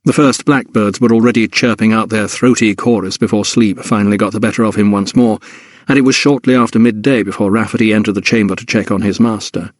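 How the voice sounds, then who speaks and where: Male narrator, low-ish voice, dry close studio read, measured pacing. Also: steady tone, no room sound. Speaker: audiobook narrator. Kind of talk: scripted narration.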